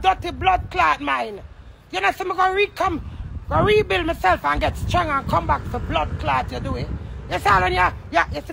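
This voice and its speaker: A Jamaican woman rants on a phone livestream in a very high, gravelly and sharp voice. Her talk is heated, full of swearing and blunt accusations. The sound is close and direct, like a phone held near. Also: slight background noise. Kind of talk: angry livestream rant.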